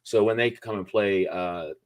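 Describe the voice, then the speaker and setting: A man hosting a casual live-stream chat, talking in an upbeat, rambling way with many pauses and fillers. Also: fairly low pitch. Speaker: host.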